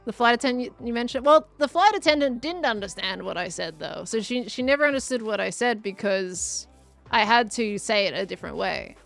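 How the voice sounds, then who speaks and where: A young Australian woman speaks on the high side in an animated, gravelly, fairly bright voice during a live game stream, with faint music behind her. She's chatty, answers chat as she builds, and laughs quickly.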